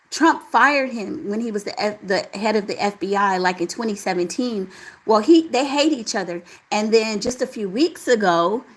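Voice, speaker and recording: A woman hosting a casual live chat, reading out viewer comments and answering them in a relaxed, talkative way. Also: medium pitch, low-quality recording. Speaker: livestream host reading chat.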